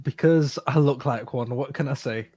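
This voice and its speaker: A man's voice: medium pitch, moderate pace, a little mellow. A man co-hosting a casual advice podcast in a studio, talking hesitantly with many fillers and frequent laughs. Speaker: podcast co-host.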